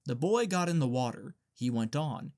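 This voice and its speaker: A man reading a novel aloud as an audiobook narrator, in a plain, even storytelling manner. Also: mid-range voice, moderate pace. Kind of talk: scripted narration.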